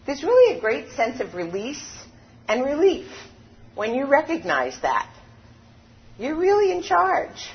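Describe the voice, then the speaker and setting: A woman delivers a sermon at an unhurried pace, her voice swooping up and down as she stresses each point. The recording sounds dull and lo-fi, with the top end rolled off. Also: high-pitched, a little hiss or hum. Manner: slow, emphatic preaching with lively rises and falls. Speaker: spiritual teacher.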